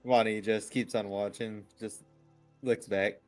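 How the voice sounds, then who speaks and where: A man wryly narrates his character's reactions in a tabletop game. His voice is fairly low. Music plays clearly behind him. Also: level tone, measured pace. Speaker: player.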